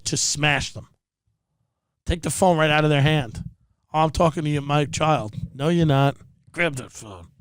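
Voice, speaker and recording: A man's voice: fairly high pitch, clear, resonant tone, no echo. A man hosting a podcast, delivering a sarcastic, profane comedic rant. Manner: sarcastic, profane, impersonates people mid-rant. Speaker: podcast host.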